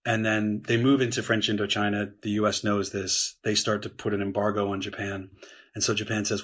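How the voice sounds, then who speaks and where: Man, podcast guest historian, husky voice, lowish pitch, measured explanatory talk. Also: little pitch movement, a bit bright. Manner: explanatory, measured, with frequent "um" and "right?".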